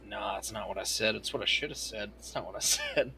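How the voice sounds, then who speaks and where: A man roleplaying in character, spinning a profane, animated story full of quoted dialogue. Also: lowish voice, a little fast, gravelly, a little hiss or hum.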